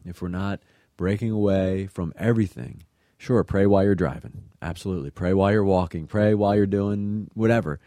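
A man's voice: deep voice, dark tone, dry recording, clean studio sound. A man co-hosting a scripture reflection, speaking earnestly and often restarting his phrases. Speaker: co-host of a scripture reflection show. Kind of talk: conversational faith reflection.

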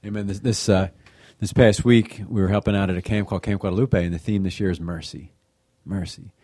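A man's voice: deep voice, fairly even intonation, fairly quick, darkish tone, no room sound. A man sharing a devotional reflection in a conversational way, with many fillers and repeated words. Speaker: co-host of a faith reflection show.

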